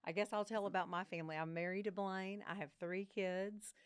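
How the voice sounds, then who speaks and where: A woman, a guest on a podcast, telling family stories in an animated way and acting out the voices of the people in them. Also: mid-range voice, a little fast, clean tone, no echo, studio quality. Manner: animated storyteller, acts out quoted voices. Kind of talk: casual podcast conversation, storytelling.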